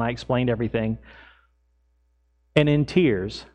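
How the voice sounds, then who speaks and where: A middle-aged man preaching as a pastor, telling everyday stories in a lively way and acting out his own lines. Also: medium pitch, normal speed. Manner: animated storytelling, acts out his own lines loudly. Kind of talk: sermon with personal stories.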